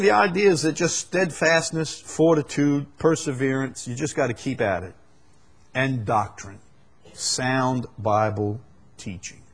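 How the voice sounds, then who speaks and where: In church, a male pastor with a breathy edge to his voice delivers a sermon at a measured pace. He shifts from emphatic, loud outbursts to quiet, low moments, asking the congregation rhetorical questions.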